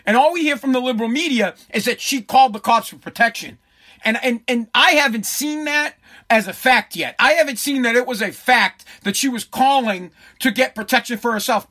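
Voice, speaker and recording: A man's voice: very high voice, pushed and bright. A man in his forties giving a blunt, profane, heated commentary. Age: 40s. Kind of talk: ranting commentary.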